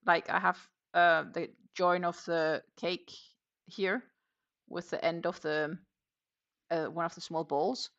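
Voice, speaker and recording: A woman with a low, gravelly voice that still has a bright, sharp edge chats casually on a live crochet stream. She rambles from one thought to the next and answers viewers' comments as she works. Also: steady tone, takes it slowly, muffled recording. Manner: chatty, rambling, reads viewer comments aloud. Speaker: crochet livestream host. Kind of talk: casual chat while crocheting.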